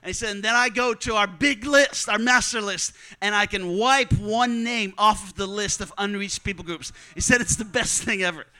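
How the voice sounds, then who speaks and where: A man's voice: sits high, moderate pace, few pauses, sharp tone, clear, resonant tone. A man preaching a sermon to students, telling stories earnestly and repeating key lines for emphasis. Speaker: missionary preacher.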